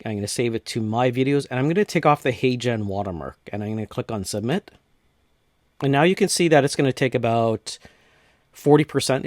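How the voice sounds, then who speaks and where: A man from North America talks through a software tutorial, clicking along and narrating each step. He speaks casually, restarting phrases here and there. His mid-pitched voice is recorded dry and close. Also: no echo. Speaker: tutorial host.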